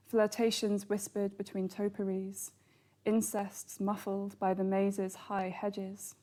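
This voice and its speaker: A woman, the author, reading aloud from her novel at a bookshop event in a calm, even voice. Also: medium pitch. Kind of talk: literary reading.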